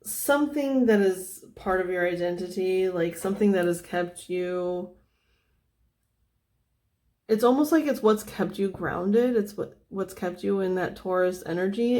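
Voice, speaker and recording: A woman giving a casual tarot reading, thinking out loud with lots of fillers and restarts, often dropping to a soft, near-whispered tone. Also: mid-range voice. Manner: meandering, thinking aloud with many fillers. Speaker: tarot reader.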